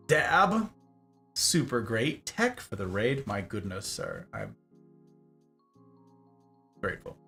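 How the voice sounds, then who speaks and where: A man streaming a game, chatting casually and gratefully to his viewers, his voice worn and hoarse from talking, rambling and playing with words. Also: mid-range voice, a bit bright. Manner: rambling, playful wordplay, grateful. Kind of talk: casual end-of-stream chat.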